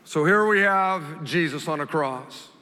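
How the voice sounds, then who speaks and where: A male pastor delivering a sermon at an unhurried pace, with a bright voice. He rises loud and emphatic when quoting scripture, then drops soft and slow as he reflects. The sound carries a long, roomy hall reverb. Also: on the high side.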